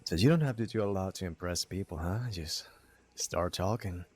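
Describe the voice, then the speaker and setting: A man voicing a calm frontier man in a western role-play, asking quiet, curious questions. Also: low-pitched, normal speed, slightly rough. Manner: quiet, curious, gently encouraging.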